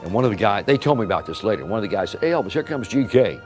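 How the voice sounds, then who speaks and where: An older man with a very deep voice tells a story at a quick clip. He lively acts out what each person said. Soft music plays faintly underneath. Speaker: interviewee recalling a friend. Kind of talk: anecdotal storytelling.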